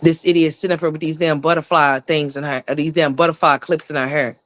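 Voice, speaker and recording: A woman's voice: low-pitched, fairly even intonation, quick pace. Blunt, cursing woman commentator. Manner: blunt, profane, rhetorical questions. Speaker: commentary channel host. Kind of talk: reaction commentary.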